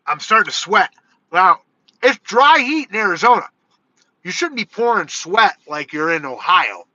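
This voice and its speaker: Bright-voiced man telling a rambling story. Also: high-pitched, very animated, normal speed, no echo. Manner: rambling, swears, quotes himself. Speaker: vlogger. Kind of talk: casual storytelling vlog. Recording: dull lo-fi sound.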